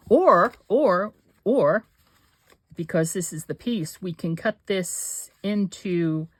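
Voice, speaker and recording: An older woman hosting a craft channel, chatting casually and rambling to herself as she works. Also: on the low side. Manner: chatty, rambling, talks to herself while working. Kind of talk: casual chat while crafting.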